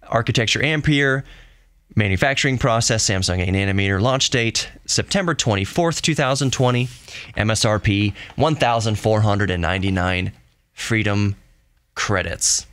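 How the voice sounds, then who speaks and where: A young adult man hosting a solo tech podcast, reading specs aloud with excitable, jokey asides and self-corrections, ending with gentle encouragement. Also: medium pitch, no room sound, studio quality. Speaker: podcast host.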